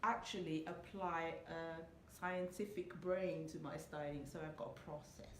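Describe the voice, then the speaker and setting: A woman guest in a casual interview chat, giving brief, soft-spoken replies in a hotel room. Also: deep voice, steady tone, measured pace, reverberant, a little hiss or hum. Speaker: guest stylist.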